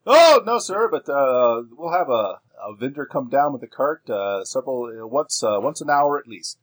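A man's voice: medium pitch, sing-song, moderate pace, fairly bright tone, voice pushed up. A man voicing a sweaty, underpaid male ticket seller at a run-down cinema, overly polite and flustered.

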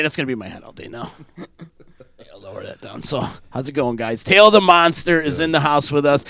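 A man hosting a live radio podcast, reading sponsor spots and chatting in a loud, jokey, hyped way. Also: fairly high pitch, fairly quick, dry recording. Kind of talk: casual live show chat with sponsor reads.

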